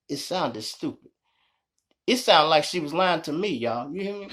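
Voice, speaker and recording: A man's voice: a little high, moderate pace. A man with a Chicago accent, telling a story in a casual, profane way and keeping up a running chat with his audience. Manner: animated, profane, keeps addressing the audience. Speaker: storyteller host.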